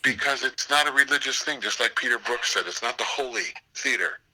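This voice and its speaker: An older man, a theater professor, telling anecdotes in an interview with an animated, storytelling manner. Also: medium pitch, a little fast, a little hiss or hum, rough recording. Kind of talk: storytelling interview over a call.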